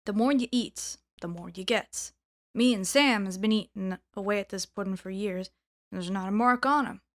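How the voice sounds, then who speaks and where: A woman's voice: medium pitch, normal speed, natural voice. A woman reading a blunt, hearty man. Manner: plain, friendly and matter-of-fact. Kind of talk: storybook reading.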